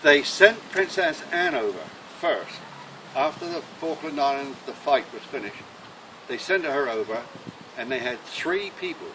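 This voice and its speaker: A man telling a long, earthy joke in an animated voice. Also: a little high, a little slow, vocal fry. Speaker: joke teller. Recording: noisy room.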